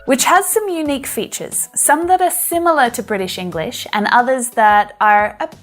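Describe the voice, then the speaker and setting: An Australian woman with a slightly high voice gives a friendly, explanatory English lesson in her own Australian accent. Faint music plays softly behind her. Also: normal speed. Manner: friendly, explanatory, laughs now and then. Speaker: English teacher.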